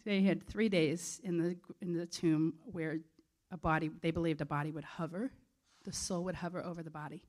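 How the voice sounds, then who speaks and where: A woman's voice: fairly low pitch, steady tone, normal speed, few pauses, a little mellow. Earnest conversational woman preacher. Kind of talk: sermon.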